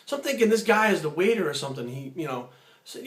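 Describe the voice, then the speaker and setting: A man telling a story in a casual vlog, animated, acting out other people's lines. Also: high-pitched, fast. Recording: echoey room.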